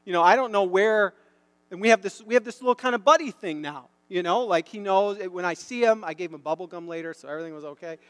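Pastor guy preaching, high voice, long echo off the church walls, gets loud when he makes a point. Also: fast talker, clear, resonant tone. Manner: storytelling, building to loud emphatic bursts. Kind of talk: sermon. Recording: long hall reverb.

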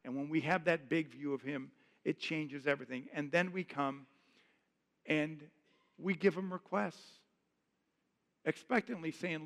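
A man's voice: on the high side, a little slow, gravelly, long pauses, a bit bright. A man preaching a sermon as pastor, earnest and conversational, often repeating phrases. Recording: long hall reverb.

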